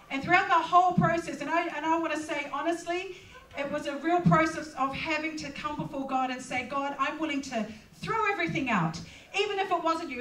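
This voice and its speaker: A woman's voice: high-pitched, bright, forceful tone, a little hiss or hum. A middle-aged woman pastor, preaching in a personal, conversational way with plenty of fillers. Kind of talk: sermon. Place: church hall. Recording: echoey hall, distant mic.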